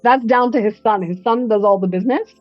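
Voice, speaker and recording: A woman breathwork instructor chats as an interview guest, telling animated stories and slipping into quoted voices. The recording is dull and lo-fi, with a dry, close sound and faint music behind her. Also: on the high side, quick pace, dry recording. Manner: animated storyteller who acts out quotes. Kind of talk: casual interview chat.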